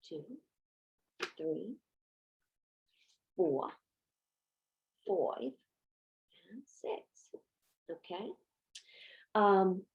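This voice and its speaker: A woman's voice: mid-range voice, highs cut off. A woman giving a patient homeschool Latin lesson, asking and answering her own questions. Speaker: Latin teacher.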